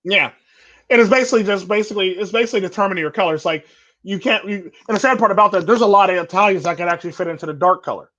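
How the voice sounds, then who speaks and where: A man's voice: sits high, racing, pushed and bright, dull audio. A man hosting a casual chat, talking bluntly and rambling with repeated stock phrases. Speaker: podcast host.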